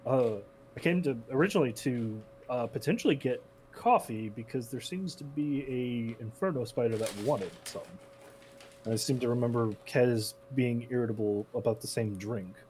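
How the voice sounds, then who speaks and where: A man's voice: medium pitch, normal speed, a little mellow, a little hiss or hum. A man playing a tabletop role-playing game, talking in character in a casual, musing way. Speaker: player.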